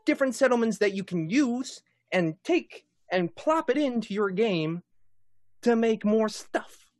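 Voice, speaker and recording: A man's voice: high voice, dry recording, studio quality. A man hosting and running a tabletop game stream in a casual, jokey, playful way. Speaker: dungeon master and host. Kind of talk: casual live-stream chat.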